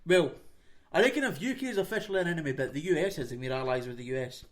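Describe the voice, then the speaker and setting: A man's voice: a little high, animated, racing, a bit bright. Sweary Scottish man, podcast co-host. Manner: sweary, blunt and sarcastic. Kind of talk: casual podcast chat.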